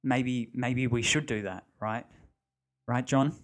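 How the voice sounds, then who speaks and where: A man's voice: mid-range voice, steady tone, slow pace, natural voice. A man doing a timid, stammering young man. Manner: hesitant, stammering.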